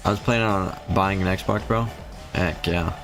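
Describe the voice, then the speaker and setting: Male streamer, lowish voice, chatty, reads chat aloud, soft music underneath. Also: fairly even intonation, moderate pace. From Philippines. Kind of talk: casual live-stream chat.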